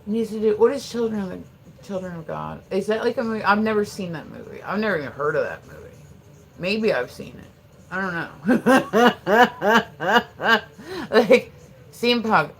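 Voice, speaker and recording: A Pennsylvania livestreamer in their forties chats casually from home, rambling along with lots of "like"s, plenty of laughter, and easy swearing. The voice is medium-pitched, lively, and brisk, with a faint hiss or hum underneath.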